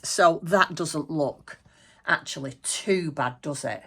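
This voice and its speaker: A middle-aged woman hosting a crafting channel, chatting excitedly to the camera at home and laughing often. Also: deep voice, unhurried, breathy edge. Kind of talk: casual chat to camera. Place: small home craft room.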